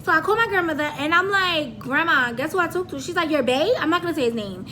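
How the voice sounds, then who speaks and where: A woman's voice: very high voice, fast talker, a little hiss or hum. A young woman vlogger telling a story in a casual, dramatic way, acting out the quotes and swearing often. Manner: animated, dramatic retelling with acted-out quotes; slangy, frequent swearing.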